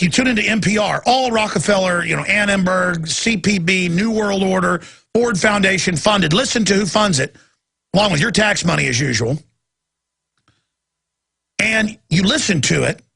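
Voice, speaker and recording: A male talk radio host ranting in a heated monologue, mocking voices and breaking into shouts, with a gravelly voice. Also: high-pitched, normal speed, pauses often.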